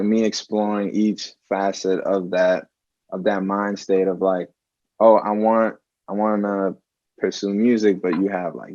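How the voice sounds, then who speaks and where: A man's voice: fairly low pitch, no echo. A young man, a musician guest, talking reflectively in a casual interview over a video call, filler words throughout. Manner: relaxed, reflective, says "like" often. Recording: dull lo-fi call audio.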